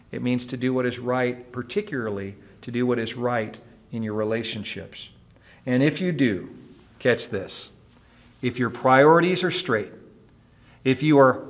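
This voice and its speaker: A man preaching a sermon as pastor, emphatic and asking rhetorical questions of the congregation. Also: medium pitch.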